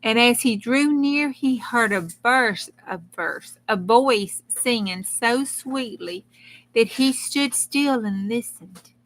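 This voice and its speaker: A woman's voice: on the high side, animated, takes it slowly, a bit bright, rough recording. A woman hosting a crafting channel, reading a fairy tale aloud in a folksy way with chatty asides. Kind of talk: storytelling read-aloud with casual asides.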